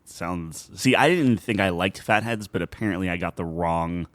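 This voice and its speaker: A man's voice: sits low, normal speed, no echo, clean studio sound. A young man in his twenties co-hosting a podcast, talking in an easygoing, slightly mumbly way. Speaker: podcast co-host. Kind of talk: casual chat.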